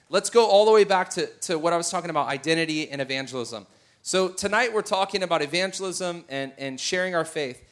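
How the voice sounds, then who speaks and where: Animated middle-aged male preacher. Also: sits high. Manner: animated storyteller, shouts at peaks. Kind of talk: sermon with personal story.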